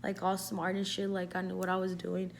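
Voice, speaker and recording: A young woman tells her own story in a casual vlog. She rambles along with plenty of "like" and the odd Spanish phrase. Her pitch stays fairly flat throughout, and a faint hum sits under the recording. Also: fairly quick, gravelly. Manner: rambling, heavy use of "like", slips into Spanish. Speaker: vlogger.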